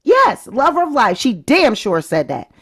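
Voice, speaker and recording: A woman's voice: a little high, wildly swooping pitch, unhurried, fairly bright tone, husky. A woman hosting her own vlog, giving chatty, opinionated commentary straight to her viewers. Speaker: vlog host. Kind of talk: casual celebrity-news commentary.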